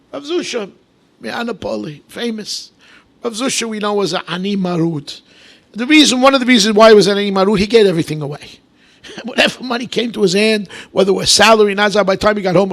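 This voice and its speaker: A man preaching as a rabbi, telling stories in an animated way, swinging between loud bursts and hushed asides, with Hebrew and Aramaic terms mixed in. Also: high voice, gravelly. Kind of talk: storytelling sermon.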